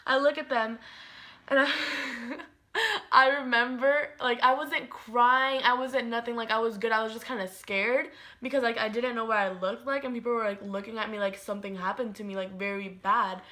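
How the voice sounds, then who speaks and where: A woman's voice: fairly high pitch, sharp tone. A young woman vlogger telling a storytime in a chatty way, full of "like" and dramatic quotes of herself. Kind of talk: casual storytime.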